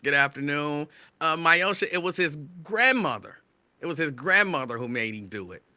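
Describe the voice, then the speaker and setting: Radio host, male, excitable near-yelling delivery, very bright voice, dry close mic. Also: a little high, moderate pace, no room sound. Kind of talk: live show shout-outs to listeners.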